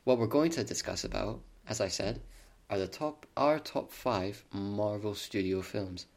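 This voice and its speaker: A man's voice: fairly low pitch, measured pace, creaky. A man co-hosting a casual podcast chat, stumbling over words and joking at his own expense. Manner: stumbling, self-deprecating. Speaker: podcast co-host.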